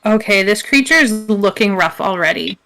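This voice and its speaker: A woman's voice: mid-range voice, expressive, pushed and bright. A woman narrating as game master, casual and chatty. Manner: casual, chatty, quick to laugh.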